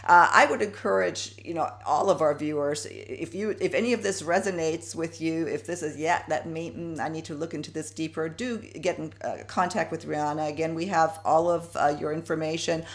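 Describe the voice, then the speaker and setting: Low voiced lady host, halting and hesitant. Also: fairly even intonation. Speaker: talk show host. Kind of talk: interview.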